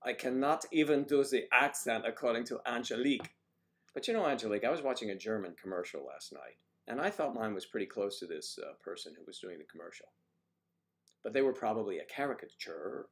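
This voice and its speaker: Male livestream host, medium pitch, bouncy and expressive, chatty banter with viewers. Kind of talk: casual chat, reading viewer comments.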